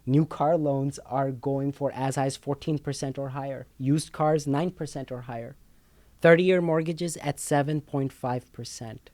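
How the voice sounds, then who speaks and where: A man's voice: medium pitch, fairly even intonation, a little slow, mellow, dry recording. A man co-hosting a casual talk show, explaining finances emphatically, repeating words and checking in with "okay?" a lot.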